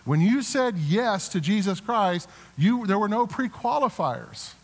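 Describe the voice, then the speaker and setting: Man, pastor, earnest sermon, slightly high voice, reverberant church sanctuary. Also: expressive, a little slow, few pauses. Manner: earnest preaching with repeated restarts; builds to emphatic exhortation.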